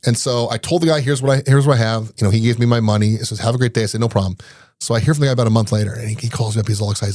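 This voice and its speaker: A middle-aged man races through his stories in a quick, eager patter, laughing as he goes. His voice sits at an ordinary pitch and sounds close and dry, with no room around it. He talks like a podcast guest recounting his work over casual chat. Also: no echo. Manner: rapid, animated anecdotes broken up by laughter. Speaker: podcast guest, IT business owner. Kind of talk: casual storytelling in an interview.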